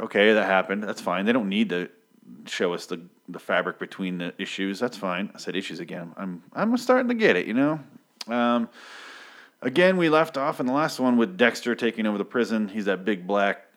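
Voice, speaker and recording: A man's voice: fairly low pitch, animated, moderate pace, fairly bright tone. A man casually recapping a comic book issue, rambling and profane, with many filler ums and restarts.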